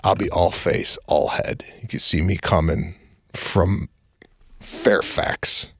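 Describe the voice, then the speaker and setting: A middle-aged man hosting a casual comedic chat, telling stories with animated delivery and acting out both sides of each exchange. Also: low voice, slow pace, breathy edge, no room sound, clean studio sound. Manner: animated storytelling, acts out exchanges, says "bro". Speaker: comedian host.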